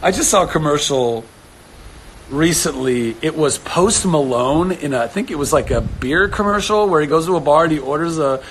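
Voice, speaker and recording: A man in his thirties hosting a casual live stream from home, chatting with viewers, animated and laughing often. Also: moderate pace, slight background noise, rough recording. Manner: animated, laughs often, jumps to sudden high exclamations. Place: home studio indoors.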